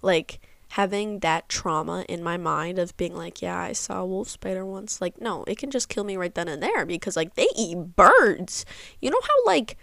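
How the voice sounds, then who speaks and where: A woman's voice: fairly low pitch, animated, normal speed, vocal fry, a bit bright, dry recording. Young female podcast host, sarcastic rambling rant, dry close mic. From Midwest of the United States. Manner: sarcastic, rambling, swears freely. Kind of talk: casual solo podcast rant.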